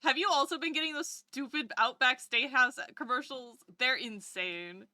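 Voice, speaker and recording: Bright, rambling woman streamer. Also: high-pitched, normal speed, no echo. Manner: rambling, swears, animated. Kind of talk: casual livestream chat.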